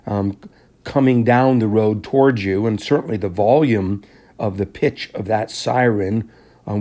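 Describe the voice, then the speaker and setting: Mellow-voiced man lecturing a class. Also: on the low side. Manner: measured, explanatory, often clears throat. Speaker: teacher. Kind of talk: classroom lecture explaining handouts.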